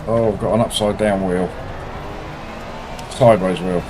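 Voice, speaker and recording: Male sim racing streamer, lower voice, playful and jumpy banter, game engine noise under him. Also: measured pace. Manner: excitable, self-mocking banter. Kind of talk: live gameplay commentary, chatting with viewers.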